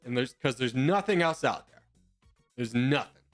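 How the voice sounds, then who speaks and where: A man's voice: mid-range voice, expressive, normal speed, faint music behind. A young man streaming from home, rambling and joking as he answers viewers' questions in casual chat.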